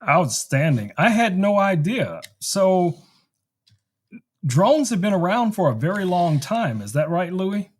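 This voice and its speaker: A man's voice: high-pitched, sing-song, unhurried. A man hosting a casual tech live stream, chatting, laughing often and demoing a gadget.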